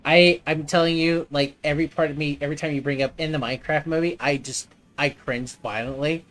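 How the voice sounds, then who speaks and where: A woman's voice: low voice, fairly even intonation, brisk, faint music behind. A woman streaming a game, chatting casually, swearing and teasing with jokes. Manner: profane, teasing, jokey. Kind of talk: casual gaming stream chat.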